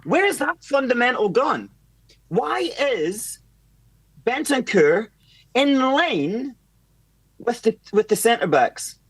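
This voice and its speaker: Animated, swearing football fan man. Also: extremely high pitch, slow, pauses often, breathy edge, no room sound. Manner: animated, swears freely, acts out quotes. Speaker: caller. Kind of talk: casual fan chat.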